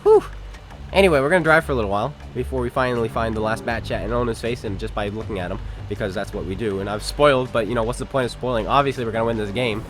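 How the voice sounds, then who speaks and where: A man's voice: medium pitch, racing, few pauses, a bit bright. Sarcastic man doing game commentary. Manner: sarcastic, jokey, talks to enemies and viewers. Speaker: gaming commentator. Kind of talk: casual gameplay commentary.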